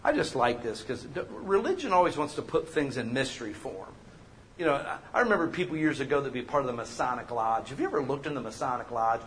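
A man preaching a sermon as pastor, animated and joking, acting out the people he quotes. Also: mid-range voice, fast talker, a little hiss or hum.

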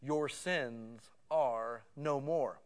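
A man preaching a sermon in a conversational, casual way that swells to loud emotional peaks. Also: mid-range voice, extremely slow.

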